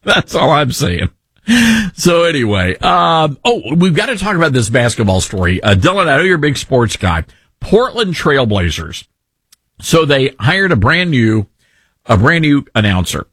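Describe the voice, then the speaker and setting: A man's voice: medium pitch, sing-song, normal speed, a bit bright, breathy edge, no room sound. A man with a Southern accent hosting talk radio, ranting sarcastically in an opinionated way.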